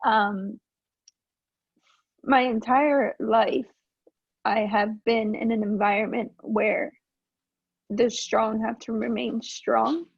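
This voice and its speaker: A woman's voice: on the high side, fairly even intonation, takes it slowly, creaky, long pauses, husky, no echo, dull audio. A woman calling in to a group call, sharing in an earnest, emotional way while close to tears. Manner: earnest and searching. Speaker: caller.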